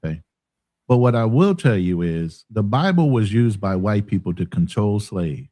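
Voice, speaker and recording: A man's voice: fairly low pitch, animated, normal speed, mellow. A man co-hosting a casual live talk stream, speaking emphatically when he makes a point. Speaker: co-host reading chat on a live stream.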